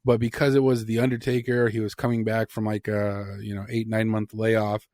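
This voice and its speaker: A man's voice: fairly low pitch, flat delivery, normal speed, a little mellow, no room sound. A man co-hosting a podcast, talking casually and bluntly and swearing freely. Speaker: podcast co-host. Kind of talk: casual chat.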